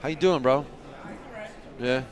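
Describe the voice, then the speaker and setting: A man's voice: mid-range voice, takes it slowly, crowd noise. A man giving casual live play-by-play commentary on a pool match, chatting and joking with his viewers.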